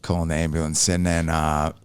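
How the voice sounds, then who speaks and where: An Australian man hosting a podcast, telling a story casually in a blunt, profane, animated way. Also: rumbling low, a little fast, clear, resonant tone, no room sound, clean studio sound. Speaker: podcast host.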